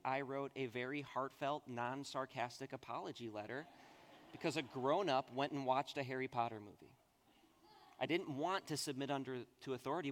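A man in his thirties preaching a sermon as a pastor, telling stories in an animated, conversational way. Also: mid-range voice. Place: church sanctuary. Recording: long church hall reverb.

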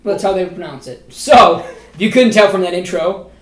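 A man's voice: high voice, moderate pace. A young man hosting a podcast in a casual, teasing way, laughing often. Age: young adult. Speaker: podcast host. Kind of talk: casual chat. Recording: echoey room.

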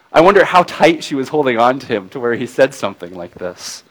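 A male preacher with a mid-pitched voice delivers a sermon as a dramatic retelling. He drops to a near-murmur for the tender moments, then lifts again, drawing his listeners in with questions like "right?" and "don't they?". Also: very animated, brisk, low-quality recording. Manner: addresses listeners with tag questions.

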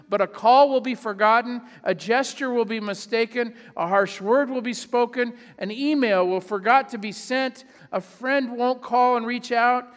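A male pastor with a high voice delivers a sermon in an easy, conversational way, owning up to his own failings and acting out the voices of people he imagines. His words ring out with the long reverb of a church hall. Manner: conversational, self-deprecating preaching with mock voices.

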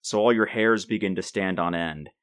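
A man's voice: deep voice, fairly bright tone, no room sound, studio quality. A man running a tabletop role-playing game as game master, narrating the action with frequent restarts. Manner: halting, restarts often while describing.

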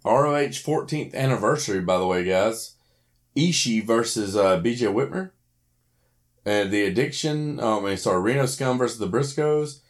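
A man's voice: medium pitch, moderate pace. A man co-hosting a casual podcast chat, wry and profane, reading match lists aloud. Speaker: podcast co-host.

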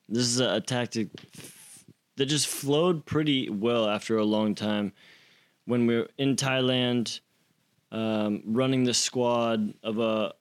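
A man in casual conversation, telling stories and acting out quotes in other voices, with casual swearing. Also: on the low side.

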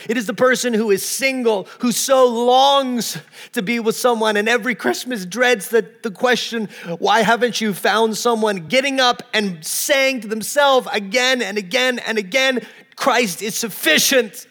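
High-voiced preaching man in echoing hall. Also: fairly bright tone. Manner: earnest, emphatic preaching with frequent word repeats. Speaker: pastor. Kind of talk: sermon.

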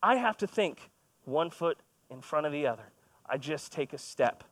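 Guy preaching, kinda high voice, chatty storytelling sermon, jokes at his own expense. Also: lively intonation, moderate pace, fairly bright tone, no room sound. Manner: conversational, storytelling with self-deprecating humor. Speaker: pastor. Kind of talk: sermon with personal stories.

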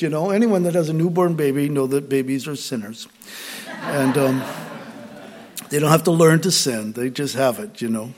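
A man preaching a sermon in a church, talking conversationally with frequent asides and rising emphasis. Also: on the high side. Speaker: pastor.

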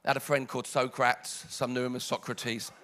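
A British man preaching a sermon, dramatic, dropping to hushed lines and rising loud. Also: mid-range voice, flat delivery, normal speed.

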